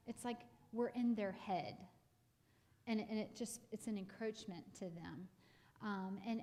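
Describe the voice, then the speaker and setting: A woman's voice: on the high side, a little mellow. A woman, counseling parents in a casual live talk, chatty with many fillers and restarts. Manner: acts out parents and kids in quoted lines.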